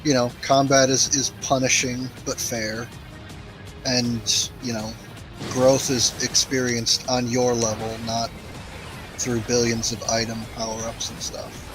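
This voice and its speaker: A man's voice: mid-range voice, level tone, unhurried, over music, low-quality recording. A man chatting casually while playing an online game, ranting sarcastically about bad advice. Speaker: gamer playing online with a friend. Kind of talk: casual gaming chat.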